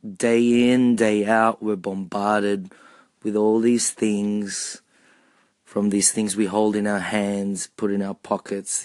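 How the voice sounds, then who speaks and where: A man giving a personal monologue, asking repeated rhetorical questions in a measured, deliberate way. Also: on the low side, no echo.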